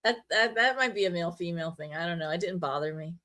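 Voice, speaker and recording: Animated woman co-hosting a podcast. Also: on the low side, fast talker, over a noisy crowd. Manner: animated storyteller, acts out her own reactions. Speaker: podcast co-host. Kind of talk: casual chat.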